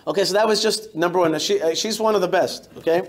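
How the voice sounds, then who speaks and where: Chatty high-voiced rabbi telling stories. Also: male voice, fast talker. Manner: lively, chatty, many restarts and repeated words. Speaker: rabbi giving a talk. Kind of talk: storytelling talk to a congregation. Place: synagogue hall.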